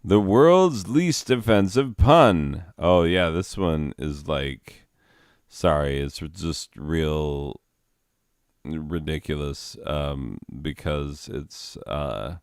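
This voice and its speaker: Deep slow-talking deadpan comedian. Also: male voice, smooth, no room sound, clean studio sound. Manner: rambling with asides and fillers.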